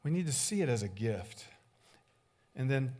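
A man preaching a sermon as a pastor, animated, acting out short dialogues with big swings in loudness. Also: medium pitch, moderate pace.

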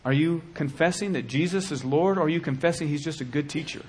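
Male preacher, impassioned sermon, husky voice, hushed to shouting. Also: fairly high pitch, fast talker.

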